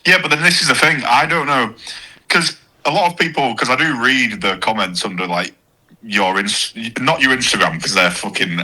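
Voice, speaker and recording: A man speaks as a guest on a podcast, swearing casually and poking fun at himself. His voice has a very bright, sharp edge at an ordinary middle pitch. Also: moderate pace, poor audio. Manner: swearing, self-mocking, casual. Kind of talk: casual chat.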